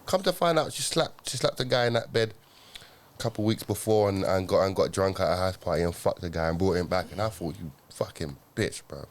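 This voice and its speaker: A man's voice: low-pitched, fast. A young man, telling a story on a podcast in a rambling, slang-filled way, tagging lines with "yeah?". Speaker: podcast co-host. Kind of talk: casual chat.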